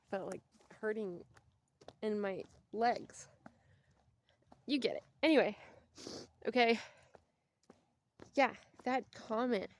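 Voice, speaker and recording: A young woman vlogging casually while out walking, chatty and rambling, and out of breath. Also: fairly high pitch. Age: young adult. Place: outdoors on a walk.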